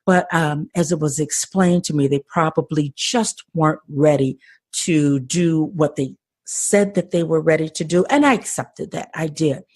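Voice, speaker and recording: A woman's voice: sits low, moderate pace, a little mellow, husky, no echo, studio quality. An older woman talking earnestly and with passion as a podcast guest, often repeating words as she starts a thought. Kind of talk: conversational interview.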